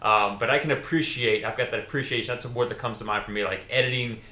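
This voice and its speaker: Chatty podcast host, echoey room. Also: male voice, mid-range voice, steady tone, fast, sharp tone. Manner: friendly, rambling, many fillers. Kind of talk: conversational interview.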